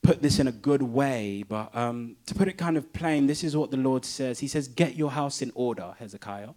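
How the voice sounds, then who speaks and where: A man voicing a hesitant, awkward male prophet who delivers bad news in a halting, apologetic way. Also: medium pitch, dark tone, pitched below the performer's own voice, natural voice.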